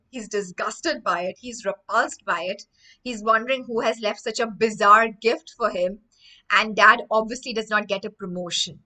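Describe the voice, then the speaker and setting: A woman's voice: fairly high pitch, pushed and bright, low-quality recording. A woman teaching English vocabulary in an online lesson, reading a story and explaining words with lists of synonyms, often checking "right?".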